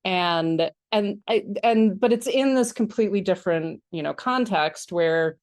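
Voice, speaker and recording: A woman co-hosting a film podcast in casual chat, animated and laughing often, acting out childish protests in a higher voice. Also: unhurried, no room sound. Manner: frequent laughter and filler words. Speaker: podcast co-host.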